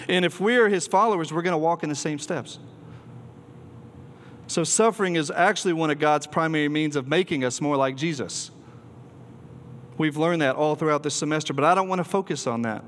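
A man preaching a sermon to a student gathering, earnest and emphatic, with occasional ums and restarts. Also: fairly high pitch. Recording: long hall reverb.

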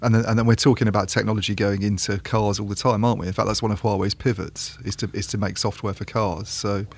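A man's voice: fairly low pitch, little pitch movement, fast, slightly rough. A man co-hosting a tech podcast, talking casually and thinking aloud. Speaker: podcast co-host.

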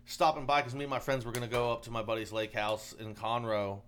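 A man's voice: mid-range voice, flat delivery, fast, a bit bright, slight background noise. A man co-hosting a podcast in casual chat, laid-back with dry remarks. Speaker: podcast co-host.

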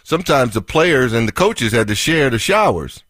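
A man's voice: medium pitch, big pitch swings, a bit bright, no room sound. A man in his middle register spins locker-room tales on a sports podcast, stretching out words and laughing often. The recording is dry and close, with no room sound. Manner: laughing storyteller, drawn-out delivery. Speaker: podcast co-host, former football coach. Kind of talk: casual sports podcast chat.

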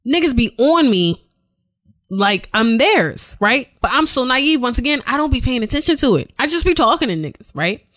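A woman co-hosting a podcast, telling a story in casual chat, animated and profane, acting out quotes. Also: high-pitched, normal speed, dry recording. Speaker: podcast co-host.

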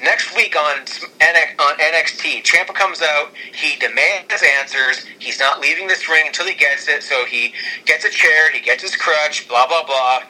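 A man in casual chat, excitedly rambling through an imagined storyline with many restarts. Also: a little high, normal speed, low-quality recording. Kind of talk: casual fantasy-booking chat.

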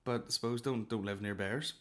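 A man's voice: on the low side, brisk. A man with a Northern Irish accent hosts a comedy podcast by himself, reading out listener questions. He rambles and swears freely, mocking himself as he goes. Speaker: podcast host. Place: alone in a room.

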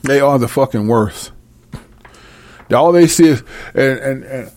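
A man giving a freewheeling, profane Bible commentary, brash and mocking, swinging between loud outbursts and low mutters. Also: measured pace, long pauses. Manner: brash, mocking and full of cursing. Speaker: self-styled preacher.

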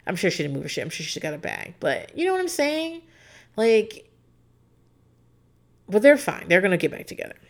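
A woman's voice: mid-range voice, very animated, normal speed, gravelly, long pauses. A woman in her thirties, casually and opinionatedly recapping a reality show as a podcast host, rambling with plenty of fillers. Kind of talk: casual chat.

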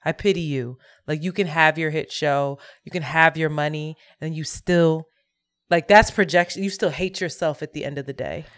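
A woman co-hosting a podcast in casual chat, emphatic and playful, with quick asides. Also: low voice. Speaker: podcast co-host.

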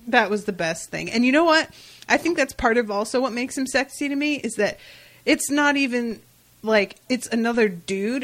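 A woman chatting casually on a podcast, animated, swearing and laughing as she acts out scenes. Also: medium pitch. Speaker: podcast co-host. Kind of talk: casual recap chat.

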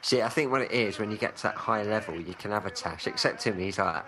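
A man's voice: fairly low pitch, fast, bright, forceful tone. A man bantering casually and joking while watching a film. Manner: jokey, laughing banter. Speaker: podcast co-host. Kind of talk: casual chat reacting to a film.

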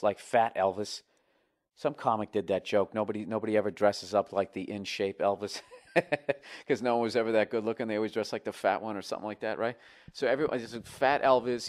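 Profane rambling guy, comic storyteller, mid-pitch. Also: darkish tone.

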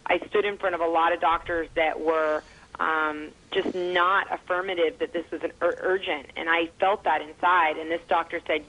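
A middle-aged woman speaks as an interview guest, her voice sitting a little low. She tells a personal story earnestly, with feeling and the odd filler. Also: steady tone, moderate pace, fairly bright tone, low-quality recording. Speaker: guest, mother and foundation founder.

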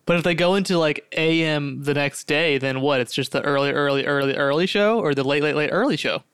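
A young man co-hosting a podcast, bantering playfully in a quick, jokey back-and-forth. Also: fairly high pitch, a bit bright, clean tone, no echo, clean studio sound. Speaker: podcast co-host. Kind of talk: casual banter.

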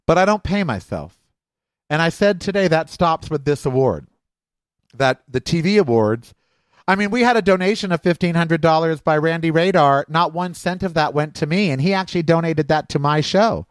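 A man's voice: a little high, a little fast, no room sound. A middle-aged man hosting his own podcast, talking candidly and emotionally in a rambling personal monologue. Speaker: podcast host.

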